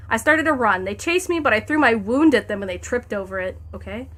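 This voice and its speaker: A woman's voice: fairly high pitch, animated, fairly quick, hardly any pauses, a bit bright. A woman streamer reading a fanfic aloud, breaking into laughter and wry asides between lines.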